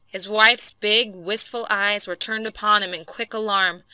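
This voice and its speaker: A woman narrating an audiobook story for English learners in a clear, measured way on a close mic. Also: medium pitch, fairly even intonation, bright, forceful tone, no room sound.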